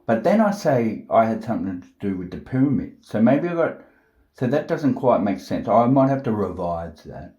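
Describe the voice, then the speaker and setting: A man with a very low, dark voice talks to camera at home, slow and halting as he thinks aloud, with many fillers and restarts. He turns blunt and profane when he insists. The recording is dull and lo-fi, with a roomy echo. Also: sing-song. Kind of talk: unscripted monologue to camera.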